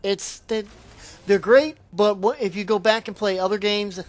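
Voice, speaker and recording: A man's voice: high-pitched, normal speed. A man giving a casual, rambling spoken review of a video game, often trailing off and restarting his sentences.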